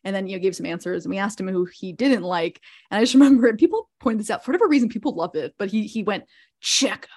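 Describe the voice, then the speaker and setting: A woman chats as a podcast guest, her voice sitting at a middle pitch. She tells stories briskly, full of quick asides. It is recorded on a proper podcast microphone. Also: lively intonation, a little mellow. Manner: chatty storyteller, quick asides. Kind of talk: casual podcast chat.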